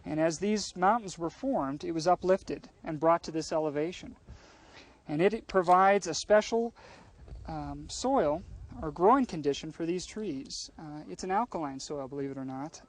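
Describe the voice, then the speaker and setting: A man guiding an interviewer through a high mountain forest outdoors, explaining things patiently in a friendly way. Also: moderate pace. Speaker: local forest guide.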